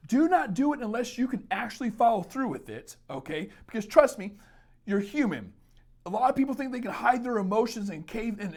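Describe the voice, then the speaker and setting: A man talking straight to camera as a dating coach, giving blunt, emphatic advice and swearing freely. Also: high-pitched. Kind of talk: casual advice monologue.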